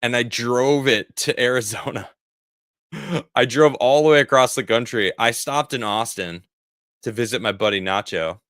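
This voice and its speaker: A man's voice: medium pitch, moderate pace, fairly bright tone, no echo, studio quality. A man in his forties, rambling in a casual livestream as he answers viewer chat, often laughing. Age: 40s. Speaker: streamer reading viewer chat.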